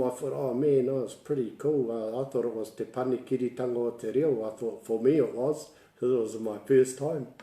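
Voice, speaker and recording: A man's voice: medium pitch, dark tone, roomy sound. A man with a New Zealand accent, a Māori language tutor telling stories in a casual livestream lesson, chatty and laughing often.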